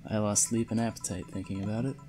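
A man's voice: lowish voice, flat delivery, fast talker, warm tone, faint music behind, lightly acted. A man reading the lines of a weary, guarded young woman bartender in a game, with little change to his voice. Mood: brooding.

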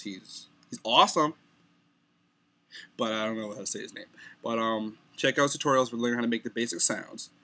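Bright-voiced young man teaching beatbox. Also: medium pitch. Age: young adult. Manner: loose and rambling, stumbles on words. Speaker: beatbox tutorial maker. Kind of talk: casual video tutorial.

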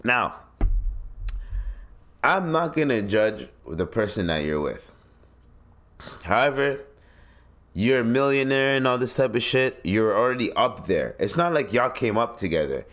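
A man's voice: mid-range voice, lively intonation, unhurried, long pauses, a bit bright. A man hosting a solo podcast, giving blunt, profane commentary in a casual ranting manner. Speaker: podcast host.

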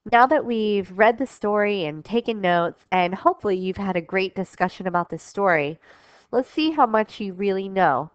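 A woman's voice: mid-range voice, moderate pace, no room sound. Woman teacher reading aloud, dull recording. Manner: clear expressive reading, instructive. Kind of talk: storybook read-aloud lesson.

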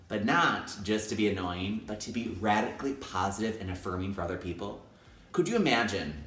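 A man's voice: animated, fairly quick, a bit bright. A young adult male teacher vlogging in an enthusiastic, playful way. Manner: enthusiastic, playful, acts out high-pitched quoted voices. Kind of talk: upbeat casual vlog talk. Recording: echoey room.

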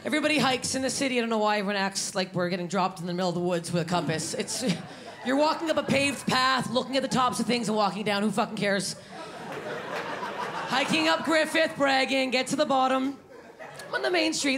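Gravelly brash woman comic on stage. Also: sits high, lively intonation, a little fast, crowd noise. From Canada. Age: 30s. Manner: brash, self-deprecating, with loud shouted punchlines. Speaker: stand-up comedian. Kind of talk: stand-up comedy set. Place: comedy venue stage with live audience. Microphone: handheld microphone. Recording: live room with audience and background noise.

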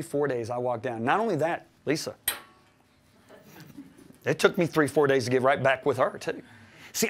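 A middle-aged man teaching a sermon, who swings from loud emphatic preaching to soft, quiet confession and acts out his own quoted words. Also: mid-range voice, slight background noise.

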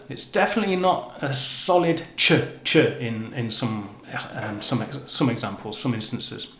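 A man's voice: on the high side, roomy sound. A man explaining the features of a language in a chatty, self-correcting way, with frequent restarts. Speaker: language teacher. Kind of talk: educational explainer. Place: living on the Canary Islands.

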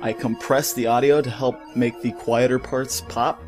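A man's voice: medium pitch, fairly even intonation, normal speed, music in the background. A man ranting in a casual vlog on a studio mic with a pop filter, heated, profane and rambling. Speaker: gaming YouTuber. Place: home recording setup.

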